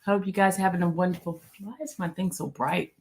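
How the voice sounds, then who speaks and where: A woman's voice: lowish voice, fairly even intonation, a little fast, darkish tone. A woman hosting a casual livestream chat, teasing and repeating herself as she reads out viewer comments. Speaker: livestream host.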